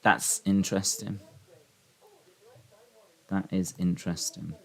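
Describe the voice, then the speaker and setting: A man's voice: low-pitched, level tone, takes it slowly, gravelly, breathy edge. Chatty man hosting a live stream. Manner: rambling, chatty asides to chat readers. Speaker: livestream host. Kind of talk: live wrestling watch-along commentary.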